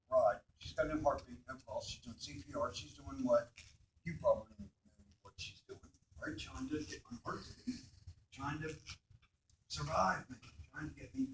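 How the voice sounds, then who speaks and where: A man speaks earnestly to a room of students about his own experience, pausing often to check in with them. His voice sits a little high and rings through an echoey hall, picked up from some distance with faint background noise. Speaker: speaker telling his accident story to students. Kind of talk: personal testimony talk. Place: school hall or classroom.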